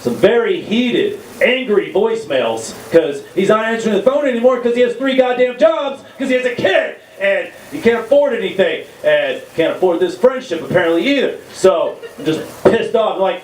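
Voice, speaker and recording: High-voiced comic in an echoey room. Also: male voice, lively intonation, normal speed, hardly any pauses, far from the mic. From Texas. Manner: crude, rambling, self-mocking. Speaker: stand-up comedian. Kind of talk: stand-up set. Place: comedy venue, live room. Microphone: stage mic.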